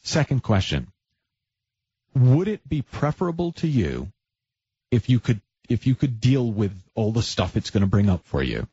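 A male host of a call-in advice show who asks probing questions and pokes fun at himself, with a husky voice. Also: medium pitch, very animated, normal speed, dark tone, no echo, lo-fi sound. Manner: probing, self-deprecating, restarts often.

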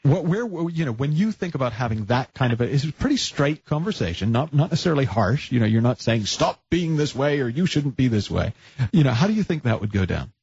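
A male host of a call-in advice show who asks probing questions and pokes fun at himself, with a husky voice. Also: medium pitch, big pitch swings, fast, hardly any pauses, darkish tone, dry recording, dull audio. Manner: probing, self-deprecating, restarts often.

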